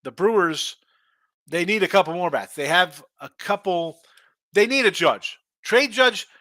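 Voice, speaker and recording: A man's voice: high voice, animated, unhurried, bright, forceful tone, dry recording. A middle-aged man hosting a sports betting show, chatting casually and bluntly ranting while reading viewer comments.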